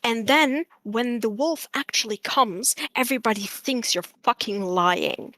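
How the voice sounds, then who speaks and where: A woman's voice: fairly high pitch, measured pace, sharp tone, no room sound. Blunt, profane, heated woman debater. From Arab diaspora. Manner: blunt, profane, interrupts and lectures.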